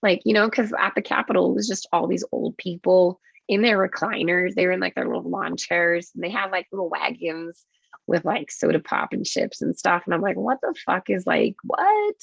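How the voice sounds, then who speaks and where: A woman nurse tells a story on a podcast with a low, rough, gravelly voice. She swears often and acts out what she said in each moment. The audio is dull and lo-fi with no room sound. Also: steady tone, no room sound. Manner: swearing, quick and vivid, acts out her own quotes. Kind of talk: casual storytelling interview.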